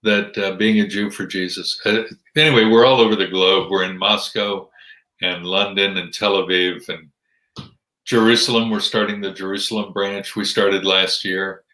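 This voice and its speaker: A man with a Midwestern American accent talks as an interview guest, cracking dry jokes. His voice sits low but comes across bright and forward. The room around him has a noticeable echo. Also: fairly even intonation, normal speed. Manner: dry joking, wry. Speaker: ministry representative guest. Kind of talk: casual interview chat.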